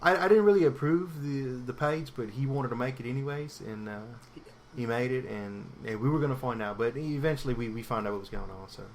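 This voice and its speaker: A man's voice: mid-range voice, fairly quick, a little hiss or hum, close to an everyday voice. A man on a casual podcast putting on a clumsy mock British accent that keeps drifting toward Australian, telling a story with many hesitant restarts.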